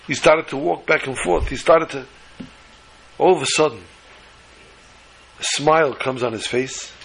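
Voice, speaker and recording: A male storyteller with a fairly high, bright and forceful voice and a husky texture. He tells the tale with lively repetition and builds momentum as he goes. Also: a little slow. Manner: animated, repetitive phrasing. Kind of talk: oral storytelling.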